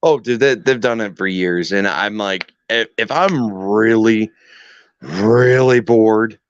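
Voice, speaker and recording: A man chatting casually as a guest on an online call, telling animated stories about his caregiving, acting out dialogues and swearing freely. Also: on the low side, slow pace, smooth, no echo. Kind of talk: casual chat. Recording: muffled lo-fi call audio.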